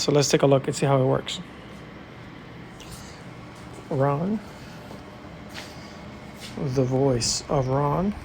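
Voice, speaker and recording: A man's voice: a little high, slight background noise. A man hosting a casual tech tutorial, talking through his screen with an easygoing, hesitant manner full of fillers. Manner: relaxed, hesitant with many fillers.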